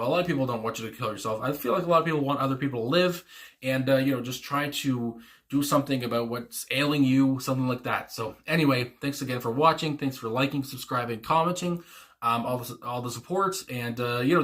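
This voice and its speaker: A man talks through his reaction to a song in a loose, rambling way, full of fillers and restarts, chuckling as he goes. His voice is bright and forward, sitting at an ordinary middle pitch for a man. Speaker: music reaction channel host. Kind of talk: casual spoken reaction commentary.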